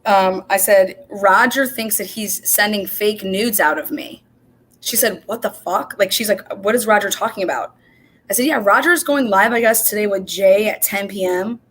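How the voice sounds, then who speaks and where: A woman at a home mic hosting a casual livestream, talking at an ordinary middle pitch. She tells her story with animated, profane energy, acting out what each person said. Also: normal speed. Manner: animated storytelling, profane, quotes herself and others in dialogue. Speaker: show host.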